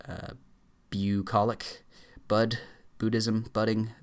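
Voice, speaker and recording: A man with a fairly low voice races through a dictionary, reading words aloud one after another. He trips over entries, backs up and fills gaps with quick "uh"s as he pushes on. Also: little pitch movement. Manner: rattles off words in quick lists, stumbles and fillers. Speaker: YouTuber. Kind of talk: rapid dictionary read-aloud challenge.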